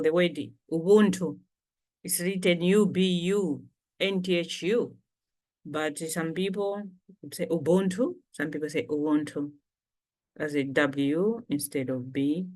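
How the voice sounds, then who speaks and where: Slow, patient woman teaching a language. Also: on the low side. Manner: slow, patient, repeats words for learners. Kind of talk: casual language lesson.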